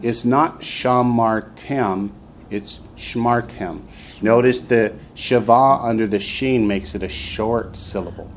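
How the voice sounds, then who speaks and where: A man's voice: medium pitch, a little slow, few pauses, slight background noise. A man teaching a classroom lesson, patiently drilling students and repeating each word for them to copy. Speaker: Hebrew teacher. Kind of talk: classroom instruction.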